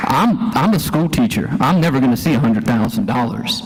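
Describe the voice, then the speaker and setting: A man's voice: mid-range voice, expressive, brisk, a little hiss or hum. A man giving an impassioned, folksy speech at a town hall, firing rhetorical questions at the crowd. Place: church hall, live event.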